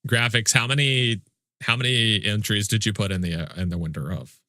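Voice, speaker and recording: A livestreamer plays a game live and chats casually with viewers, making mock-indignant, joking complaints and swearing freely. His voice is on the low side, pushed and bright, with fairly even intonation and a slightly fast pace. The recording is dry with clean studio sound.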